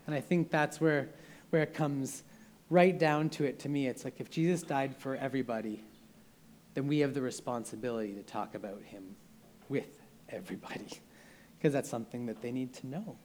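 A man's voice: mid-range voice, moderate pace, darkish tone. A young man preaching a sermon in an earnest, conversational way, often restarting his sentences.

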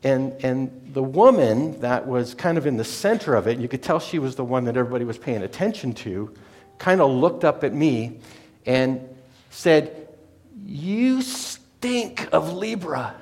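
With an expressive, slightly mellow mid-range voice and a somewhat quick pace, a man shares a story from his life. He drifts into digressions and keeps revising what he's just said, in a relaxed conversational way.

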